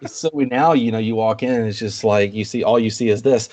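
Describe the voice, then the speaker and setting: A man chatting casually as a podcast guest, telling animated stories and acting out what others said. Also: brisk, slight background noise. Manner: animated storyteller, quotes people in a higher voice. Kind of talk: casual chat.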